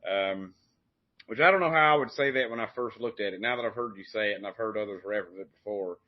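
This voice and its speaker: A man's voice: on the low side, fast talker, no echo. A man hosting a podcast, chatting in a rambling, folksy way full of fillers and restarts. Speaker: podcast host. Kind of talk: casual conversation. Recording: dull, dry lo-fi audio.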